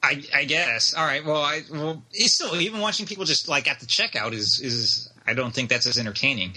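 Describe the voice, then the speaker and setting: A man co-hosting a casual podcast about video games, animated and swearing freely as he laughs along. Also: on the high side, brisk, breathy edge. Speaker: podcast co-host.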